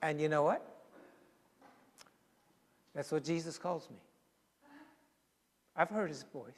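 A man preaching with a fairly high voice, telling stories and dropping to a near-whisper for weight. His words ring out with a long reverb, as in a large church hall. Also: takes it slowly. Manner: storytelling, dramatic shifts to a hushed voice for emphasis. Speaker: pastor. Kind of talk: sermon.

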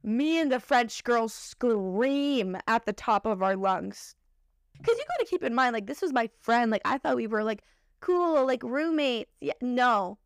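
A young woman hosts a podcast and tells a personal story with animated, emotional, profane delivery. Her voice is high and swoops across a wide range. The sound is dry and close. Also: unhurried, clean tone, dry recording. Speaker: podcast host.

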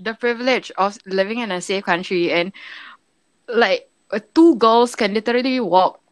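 A young woman from Singapore with a Singaporean English accent, co-hosting a podcast, telling a story in animated, casual chat with plenty of swearing. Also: medium pitch, moderate pace, no room sound. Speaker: podcast co-host.

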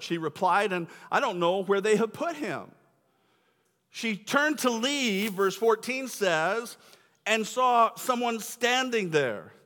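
A man's voice: high voice, fairly bright tone. A male pastor giving a sermon in a church sanctuary, talking in a conversational, emphatic way. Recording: long reverb of a church hall.

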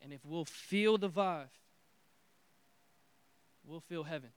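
A man preaching a sermon with energetic, repetitive call-and-response phrasing. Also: fairly high pitch, takes it slowly, clear, resonant tone, no echo. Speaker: pastor.

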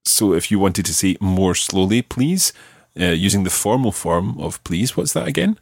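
A man teaching a podcast language lesson, his lowish voice moving in a lively way as he patiently spells out phrases. His tone is slightly husky, recorded dry and close. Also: normal speed, dry recording.

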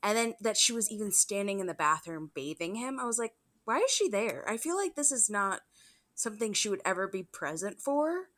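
A woman's voice: mid-range voice, animated, brisk, fairly bright tone. Woman chatting on a podcast, kinda emotional, rambles, laughs at herself. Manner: rambling, self-conscious, laughing. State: emotional, close to tears. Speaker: podcast co-host. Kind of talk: casual chat.

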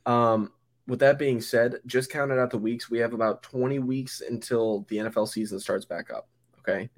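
A man's voice: mid-range voice, steady tone, moderate pace. A young man co-hosting a football podcast, chatting casually and rambling with many fillers and restarts. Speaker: podcast co-host. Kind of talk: casual sports chat.

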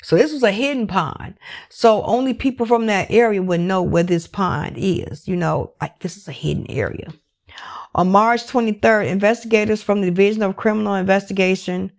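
A woman's voice: medium pitch, a little mellow. A woman recapping a true crime case in a casual, emotional and candid way, swearing freely and leaning on "like" as she talks. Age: adult parent. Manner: emotional, candid and profane, with many "like" fillers.

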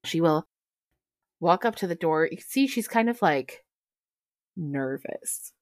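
Woman running a tabletop game, slow halting narration, lowish voice, dry close sound. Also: lively intonation, darkish tone, dry recording. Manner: unhurried, halting, giggly asides. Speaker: game master.

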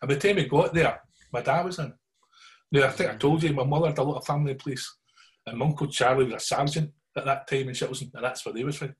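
A middle-aged man with a Glaswegian Scottish accent telling stories in casual chat, animated and always checking in with his listeners. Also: medium pitch, fast talker. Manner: animated yarn-spinning, keeps checking in with listeners.

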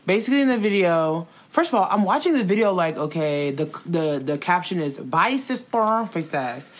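Animated, swearing young-sounding woman gossiping. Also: on the low side, fairly quick. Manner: animated storytelling, slangy, swears, acts out quotes. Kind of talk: casual gossip chat.

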